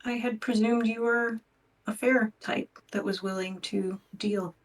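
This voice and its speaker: A woman's voice: fairly high pitch, steady tone, unhurried, far from the mic. A woman playing in a tabletop game, giving cool, guarded replies in character. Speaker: player.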